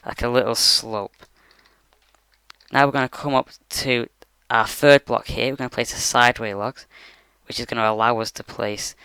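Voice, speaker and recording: A man's voice: mid-range voice, pushed and bright, clean tone, no echo. A man talking through a game tutorial from his bedroom computer, rambling casually with lots of fillers. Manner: rambling, many fillers like "you know" and "like". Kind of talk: casual screen-recorded tutorial.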